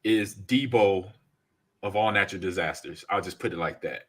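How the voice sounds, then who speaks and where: A man hosting a casual gaming podcast, reading out chat comments and telling lively stories. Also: low-pitched, moderate pace. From United States. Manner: animated storyteller, reads chat comments aloud. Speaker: podcast host.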